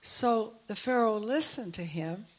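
An older woman preaching a sermon, telling stories with lively acted-out dialogue and calls to the congregation. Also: fairly high pitch, unhurried. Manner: animated storytelling, acting out dialogue.

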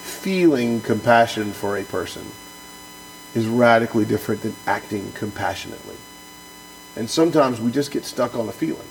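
A man's voice: mid-range voice, expressive, moderate pace, gravelly, slight background noise, poor audio. A man who is a pastor co-hosting a podcast, reading from a book and then talking it over in an earnest, emphatic way, often restarting and repeating words.

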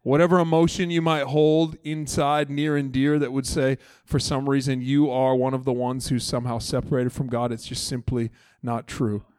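A man's voice: mid-range voice, flat delivery, normal speed, few pauses, a little mellow, slight background noise. A man preaching a church sermon as pastor, earnest and emphatic, with chatty asides to the congregation. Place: church service.

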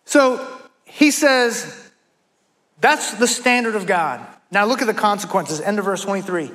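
A man's voice: high voice, animated, unhurried, pushed and bright. A man preaching to a congregation, repeating a refrain and challenging his listeners directly. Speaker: pastor. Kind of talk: sermon. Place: church before a congregation.

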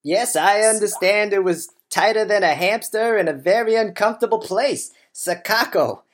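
A woman's voice: mid-range voice, moderate pace. A woman improvising a comedy scene as a crew member, rambling with hesitant fillers.

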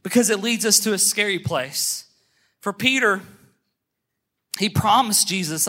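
A man preaching a sermon, emphatic, calling the congregation to look at him and say amen, slowing on key phrases and speeding through asides. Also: sits high, pushed and bright. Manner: emphatic, calls for amens and attention; shifts between brisk asides and slow stressed phrases. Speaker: pastor.

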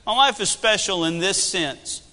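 A man in his thirties preaching a sermon with animated delivery and humor. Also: high voice, a little slow, big-room sound. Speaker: pastor.

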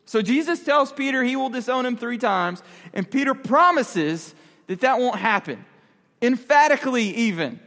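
A man's voice: extremely high pitch, lively intonation, moderate pace, a bit bright. A man giving a casual youth sermon, talking with the audience and asking them questions. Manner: conversational, asks the audience questions. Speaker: youth pastor. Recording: long hall reverb.

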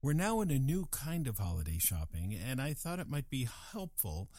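An older man hosting a scripted comic monologue with a wry, deadpan edge. His pitch moves a lot as he teases the listener. The sound is close and dry, with no room in it. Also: moderate pace, no echo. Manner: dry, wry delivery with playful voices. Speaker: comedic host.

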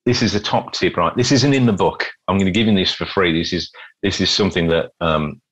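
A man from the UK, a street musician telling anecdotes as an interview guest with lively restarts. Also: deep voice, brisk, lo-fi sound. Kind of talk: casual interview storytelling.

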